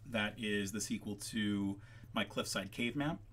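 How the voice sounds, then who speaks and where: A man hosting a casual livestream while he works, rambling off on tangents with lots of ums, his voice gravelly at times. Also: fairly low pitch, steady tone, unhurried, fairly bright tone. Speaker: livestream host making maps.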